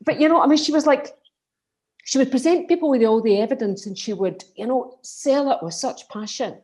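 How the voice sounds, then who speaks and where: A Scottish woman, a guest speaker and colleague, joins a casual remembrance conversation over a video call. Her voice sits high and a little mellow, and she's passionate and emphatic, often restarting quickly.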